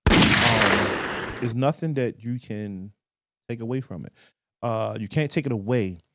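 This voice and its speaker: A man's voice: lowish voice, unhurried, a little hiss or hum. Man telling stories on a podcast. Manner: storytelling with animated quoted voices. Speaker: podcast co-host. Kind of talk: casual podcast chat.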